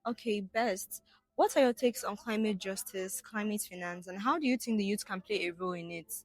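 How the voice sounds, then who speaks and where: A woman's voice: medium pitch, moderate pace, faint music behind. Woman interviewer asking questions. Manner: brief prompts and backchannels.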